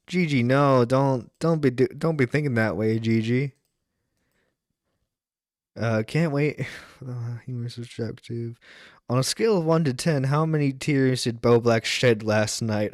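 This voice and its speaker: A man's voice: medium pitch, no room sound, clean studio sound. Exasperated, swearing male stream host. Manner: exasperated, swears freely, laughs between lines. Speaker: internet radio host. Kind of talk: casual live-stream commentary.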